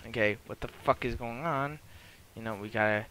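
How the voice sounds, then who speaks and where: A man livestreams commentary on a multiplayer beta, swearing constantly and bursting out in frustration at enemies while admitting he hasn't played much. He has a medium pitch, a moderate pace, and a sharp tone, with slight background noise.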